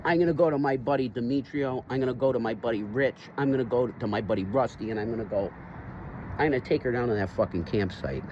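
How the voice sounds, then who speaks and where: A man ranting angrily outdoors in public, profane and bursting into shouts. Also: medium pitch, fast talker, dull audio. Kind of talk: angry rant to camera. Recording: outdoor street noise, traffic.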